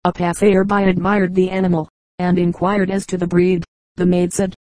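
A woman reading a collection of short humorous anecdotes aloud as scripted narration, with a steady, even delivery. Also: on the low side, normal speed, no room sound, low-quality recording. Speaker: audiobook reader.

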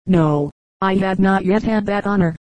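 A woman voicing a conceited young gentleman who simpers and speaks in a slow, affected way. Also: medium pitch, no echo, natural voice. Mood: simpering.

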